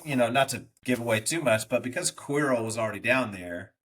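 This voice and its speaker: A man's voice: mid-range voice, a little fast, fairly bright tone. A man co-hosting a podcast in casual chat, rambling and hesitant, fond of quoting movies. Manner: rambling, hesitant, many fillers and restarts, quotes movies. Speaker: podcast co-host.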